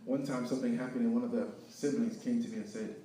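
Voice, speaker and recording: A man telling his story of failure and faith as a speaker at an event, preaching with lively swings between loud and hushed. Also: mid-range voice, quick pace, a little hiss or hum. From Haiti. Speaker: guest speaker. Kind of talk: inspirational testimony talk. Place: event hall with live audience. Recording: echoey hall, picked up from far off.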